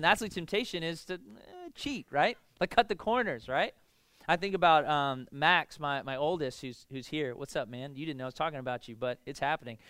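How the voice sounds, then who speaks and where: Man, pastor, casual sermon, conversational with filler words, clear smooth voice, forceful tone. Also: fairly high pitch, no echo. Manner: conversational, lots of "like" and "right?", rhetorical questions.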